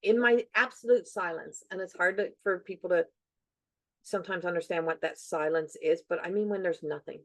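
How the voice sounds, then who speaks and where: A middle-aged woman hosts a podcast in a fairly low, fairly quick voice, with no room sound. Her casual chat is earnest and reflective, and she repeats phrases for emphasis.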